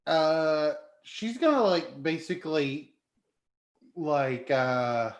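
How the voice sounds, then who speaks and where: A man's voice: on the high side, animated, very slow, echoey room. A man playing a tabletop game, talking casually and hesitantly with many fillers as he describes his character's moves. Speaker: player.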